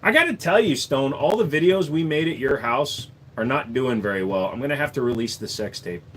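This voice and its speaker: A man's voice: mid-range voice, lively intonation, fairly quick, fairly bright tone, slight background noise. A man hosting a casual live stream from home, answering chat questions in a crude, profane, joking way. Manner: crude, joking, profane, jumps into silly voices. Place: home room.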